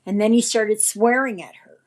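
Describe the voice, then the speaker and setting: A woman's voice: a little high, fairly even intonation, moderate pace, darkish tone. A woman hosting a casual livestream, rambling in a shaken, indignant way. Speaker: livestream host.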